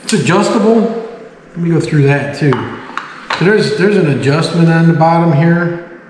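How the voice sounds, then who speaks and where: While making a smoked cocktail at home, a man chats and jokes to himself as he works, talking casually through the demonstration. His voice is on the high side and a little mellow, at a normal speed. The audio is echoey, with long room reverb and faint hiss.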